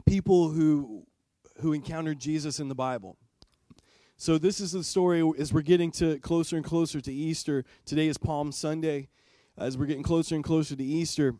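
Conversational pastor, fairly high voice. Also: male voice, warm tone, no room sound. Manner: conversational, asks the congregation direct questions. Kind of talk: sermon. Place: church.

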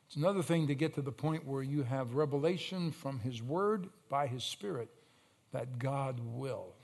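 A male pastor preaching a sermon, telling stories with sudden loud surges and slow, emphatic phrases. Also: medium pitch, expressive, creaky.

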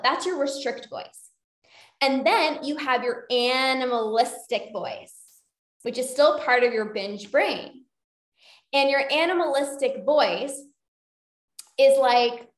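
High-voiced chatty woman coach, roomy sound. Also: unhurried, long pauses. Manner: chatty, often asks "right?" and uses "like". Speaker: binge eating coach and podcast host. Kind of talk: casual coaching talk. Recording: roomy echo.

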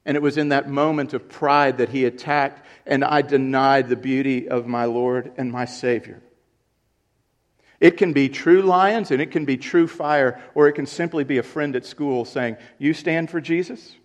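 An earnest male pastor in the middle of a sermon. He drives his points home by repeating them, swelling louder on the lines that matter. His pitch sits in an ordinary middle range for a man. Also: moderate pace. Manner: earnest preaching, rising in volume for emphasis; repeats key points for emphasis.

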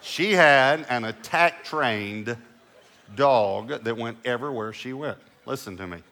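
A middle-aged man preaching from the pulpit with a bright, forceful tone. He tells his stories with big swings, hushed and low one moment, loud the next. His pitch sits in an ordinary male middle range. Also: measured pace. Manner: animated storyteller, swings between hushed lows and loud bursts. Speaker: pastor. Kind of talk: sermon with storytelling.

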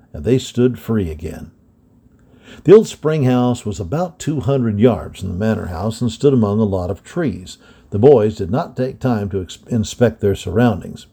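A man reading an adventure story aloud with steady, dramatic storytelling. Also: lowish voice, slightly rough. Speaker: storybook reader. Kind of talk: scripted narration of an adventure story.

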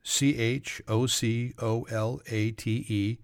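A man's voice: medium pitch, fairly even intonation, slow, no room sound, clean studio sound. A man hosting a solo trivia podcast, reading facts with joking, self-mocking asides. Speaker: podcast host.

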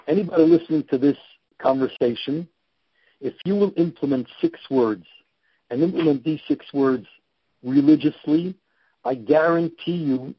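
A man's voice: mid-range voice, breathy edge, no room sound, dull audio. A man giving emphatic, instructive advice as a guest in an interview, repeating his key points. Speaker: guest, time management coach. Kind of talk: podcast interview.

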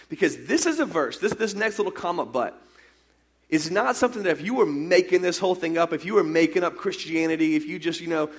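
A young man preaching a conversational sermon, animated and casual, acting out scenes as he tells them. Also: a little high. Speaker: pastor.

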